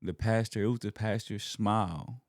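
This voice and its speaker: A young man from Alabama talks as a podcast guest. His voice sits low, and the recording is dry and close with no room sound. He speaks in an earnest, heartfelt way and holds back emotion as he shares personal faith. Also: steady tone, normal speed, dry recording. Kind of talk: casual heartfelt conversation.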